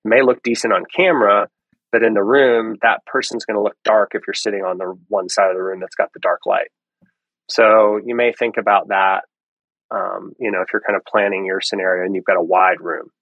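Male podcast guest, lower pitch, relaxed explainer with restarts, dry studio sound. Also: brisk, dry recording, muffled recording. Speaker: lighting guest. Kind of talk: casual podcast interview.

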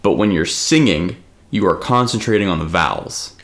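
A man's voice: sits low, lively intonation, moderate pace, creaky. A man co-hosting a podcast in casual chat, rambling with lots of fillers and the odd swear. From United States. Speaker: podcast co-host.

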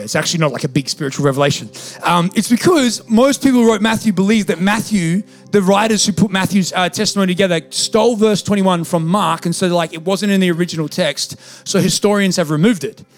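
A male pastor preaching a sermon in a church, talking casually and then building to emphatic peaks. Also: high-pitched.

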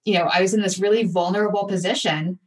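A woman guest in an interview, telling a personal story candidly and with animated, acted-out asides. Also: fairly low pitch, quick pace, distant mic. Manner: candid, animated retelling with acted-out inner voices.

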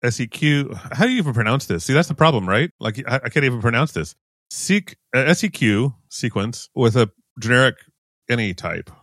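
A man's voice: mid-range voice, lively intonation, brisk, fairly bright tone, no echo, studio quality. A man co-hosting a casual tech podcast, easygoing and self-deprecating, stumbling over words now and then. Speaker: podcast co-host.

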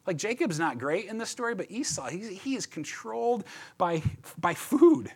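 A male pastor delivers a conversational sermon in a loose, chatty way, tossing in "right?" and "like" and repeating words as he goes. His husky voice sits a little high and moves around a lot, lively, expressive and animated. He talks fairly quickly and restarts phrases often.

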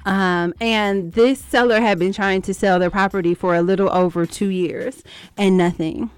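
A woman's voice: mid-range voice, fairly even intonation, normal speed, clear, resonant tone, dry recording. Confident woman broker from Georgia. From Atlanta, Georgia. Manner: upbeat, confident storytelling. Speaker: guest, commercial real estate broker. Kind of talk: radio interview.

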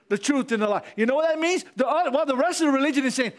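Pastor, male, fiery sermon delivery, very high and lively pitch. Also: fast, hardly any pauses. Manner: fiery preaching with repetition and calls to the congregation.

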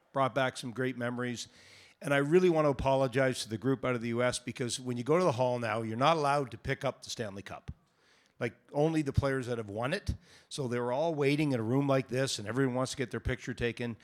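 Joking older man telling hockey stories. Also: medium pitch. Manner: joking, teasing, laughs through stories. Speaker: guest, retired hockey goalie. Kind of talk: casual storytelling on a live panel. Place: event hall with a live audience.

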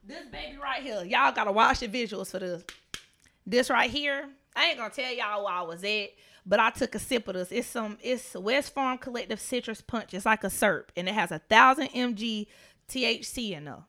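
A woman co-hosting a podcast, telling funny stories in an animated, profane way with lots of laughter. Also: a little high, normal speed. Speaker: podcast co-host. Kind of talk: casual podcast storytelling.

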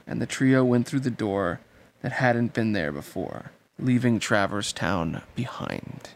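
A man's voice: fairly low pitch, very animated, measured pace, vocal fry, slight background noise. Casual man reading a novel aloud. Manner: casual, swears freely, enthusiastic. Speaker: reader and host.

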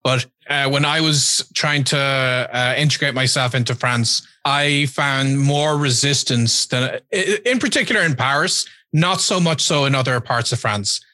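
A man's voice: medium pitch, a little slow, hardly any pauses, sharp tone, no room sound. A man in casual conversation who talks hesitantly, with many fillers, and asks curious questions.

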